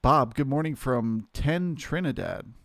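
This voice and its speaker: A man hosting a live trading stream, talking through the market in a relaxed, chatty way and greeting viewers by name. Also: mid-range voice, a little slow, dry recording, clean studio sound.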